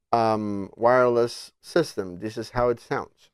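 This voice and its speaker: Male tech reviewer, mid-range voice, slow and deliberate, second-language English, demo style with frequent restarts. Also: medium pitch, fairly even intonation, clean tone. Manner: thinks aloud with frequent restarts and fillers. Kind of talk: hands-on product demo.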